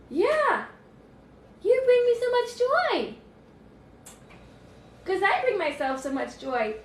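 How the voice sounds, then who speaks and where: A woman life coach on a livestream from home, thinking aloud with sudden excited outbursts and cooing at her puppy. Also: very high voice, roomy sound, distant mic. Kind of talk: livestream self-reflection. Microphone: phone.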